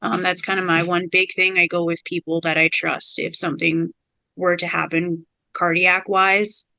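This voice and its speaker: A woman's voice: lowish voice, flat delivery, normal speed, creaky, bright, forceful tone, dry recording, rough recording. A young woman from Canada as a podcast guest, talking in a laid-back, candid way with lots of fillers. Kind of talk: casual interview chat.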